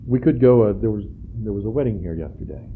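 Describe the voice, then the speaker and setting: A man preaching a sermon in a church, earnest and halting, rising in pitch on key phrases. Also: a little hiss or hum. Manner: halting, frequent uh and restarts. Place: church sanctuary. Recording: tinny phone-like church recording.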